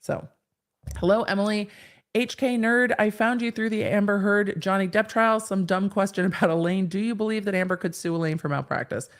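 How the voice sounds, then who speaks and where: A woman's voice: mid-range voice, steady tone, fairly quick. A woman in her thirties hosting a live stream, reading viewers' chat comments aloud and answering them in a frank, chatty way.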